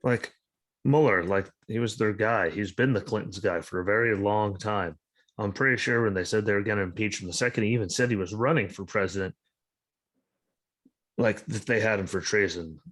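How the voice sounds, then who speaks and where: A sleep-deprived man hosts a podcast over a video call, chatting casually about politics in a blunt, sarcastic, profane and rambling way. His voice sits on the low side with a fairly bright tone, and he talks at a normal speed.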